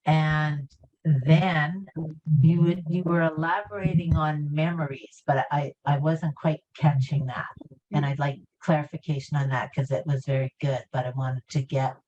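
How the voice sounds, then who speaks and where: A woman's voice: deep voice, steady tone, measured pace, darkish tone. A woman asking a question in an online lesson, hesitant and polite. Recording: dull lo-fi sound with faint noise.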